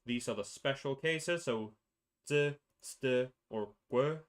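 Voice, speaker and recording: Young guy streaming at his desk mic, talking through conlang rules, trails off and corrects himself a lot, mid pitch. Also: takes it slowly. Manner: rambling, self-correcting, mutters to himself. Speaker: streamer presenting a constructed language. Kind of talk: casual livestream explanation.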